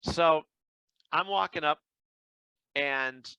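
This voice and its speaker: Chatty male podcast host, expressive and bright, close dry recording. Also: on the high side, extremely slow, smooth, no echo, poor audio. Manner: animated anecdote-telling with acted-out quotes. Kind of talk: casual chat, storytelling.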